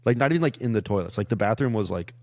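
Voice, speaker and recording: Young male comedian, low gravelly voice, dry close sound, rambling storyteller. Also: rapid-fire, dry recording. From Iowa. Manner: rambling, many "like" fillers, animated retelling. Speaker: comedian guest. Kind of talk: casual storytelling chat.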